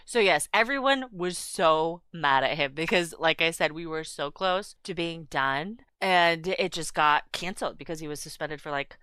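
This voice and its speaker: A woman co-hosting a podcast in casual chat, blunt and animated, swearing freely as she tells stories. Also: deep voice, moderate pace, few pauses, clear, resonant tone, dry recording. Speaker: podcast co-host.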